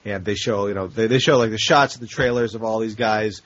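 A man's voice: on the low side, steady tone, a little fast, fairly bright tone, highs cut off. A man in casual podcast chat, talking hesitantly with many fillers.

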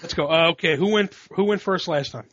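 A man hosting a casual movie review chat, animated and laughing often, swearing as he goes. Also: fairly high pitch, fairly quick, a little hiss or hum. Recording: dull lo-fi audio.

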